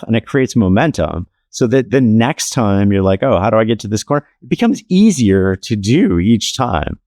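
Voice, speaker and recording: A man, an author being interviewed, talking in a relaxed, anecdotal way with many casual fillers. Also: fairly low pitch, no room sound, clean studio sound. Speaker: author and podcast guest. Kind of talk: conversational interview storytelling.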